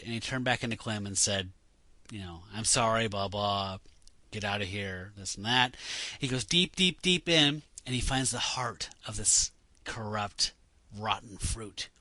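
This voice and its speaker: Co-host, male, animated and rambling, bright tone, dry studio sound. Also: mid-range voice, normal speed, hardly any pauses, dry recording. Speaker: podcast co-host. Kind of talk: casual chat.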